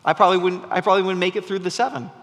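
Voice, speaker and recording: A male pastor delivers a sermon in a high voice. His tone is bright and forceful, and he talks in a chatty, storytelling way that keeps doubling back mid-sentence. A long reverb from the church hall trails after his words. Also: very fast. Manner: conversational, storytelling preacher with frequent restarts. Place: church sanctuary.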